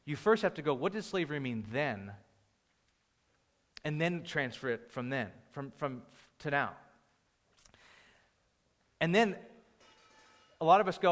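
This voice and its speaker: A man's voice: fairly high pitch, lively intonation, normal speed, long pauses, a bit bright. A man preaching a sermon, conversational and joking with the congregation. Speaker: pastor. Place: church hall. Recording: long hall reverb.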